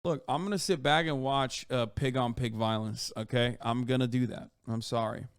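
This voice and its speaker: A man streaming, ranting in casual commentary with a profane, mocking edge that swings from low mutters to loud outbursts. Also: fairly even intonation, normal speed, clear, resonant tone, no echo, clean studio sound.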